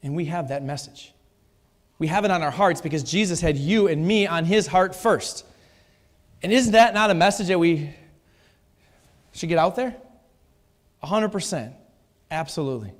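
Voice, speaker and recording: A man with a slightly high voice preaches at a moderate pace, pausing often and emphatically repeating his key phrases. The sermon takes place in a church sanctuary, captured with the hall's long reverberation.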